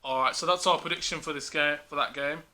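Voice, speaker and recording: Bright-voiced man running football picks. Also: fairly high pitch, fairly even intonation, quick pace. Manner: leads the talk, quizzes his co-host, laughs often. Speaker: host. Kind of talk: casual football prediction chat.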